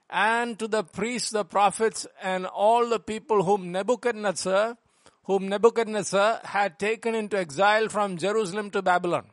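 Man, high voice, pastor preaching, measured and deliberate, dry close sound. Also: a bit bright, no echo. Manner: measured, slows and lifts voice on scripture quotes. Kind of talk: sermon with prayer and scripture reading.

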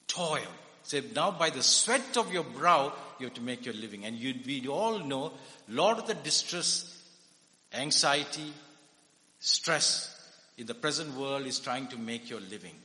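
A man's voice: medium pitch, bright, forceful tone. A man preaching a conversational sermon, often putting questions to his listeners. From India. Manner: conversational, asks the audience questions. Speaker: preacher and psychiatrist. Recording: echoey hall.

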